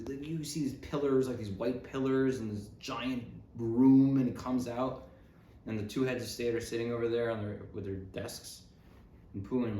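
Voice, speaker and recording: A man's voice: on the low side, a little mellow. A man hosting a casual comedic talk show, rambling and sarcastic, often breaking off mid-thought. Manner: rambling, sarcastic, self-interrupting. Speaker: podcast host. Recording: roomy with faint background noise.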